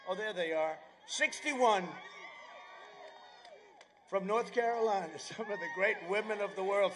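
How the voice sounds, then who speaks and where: A man giving a political rally speech outdoors at an airfield. He rambles, drifts into sarcastic asides, and bursts into shouting. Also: high-pitched, a little hiss or hum. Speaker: campaign speaker.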